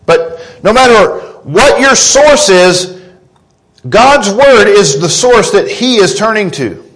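A man in his thirties preaching a sermon, earnest and deliberate, rising in pitch when he quotes scripture. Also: expressive, fairly bright tone, rough recording. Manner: slow, earnest preaching with emphatic rises on quotes. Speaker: pastor.

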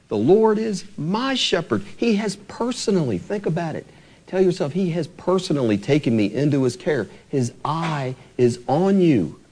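A man delivers an earnest church sermon in a fairly high, very animated voice. His pitch swings up and down for emphasis, and he slows down deliberately whenever he quotes scripture. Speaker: preacher.

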